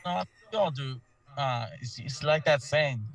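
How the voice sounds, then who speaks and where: A man's voice: medium pitch, a little slow, fairly bright tone, rough recording. A young man with a Mexican Spanish accent, casually telling a childhood story and slipping into Spanish words. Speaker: podcast guest. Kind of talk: casual chat.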